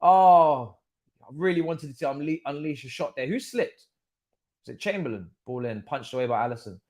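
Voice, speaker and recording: A man hosting a live football watchalong stream, chatting through the match as a fan and bursting into shouts at big moments. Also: fairly high pitch, normal speed. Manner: excitable, erupts into shouts and laughs at goals. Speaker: watchalong host.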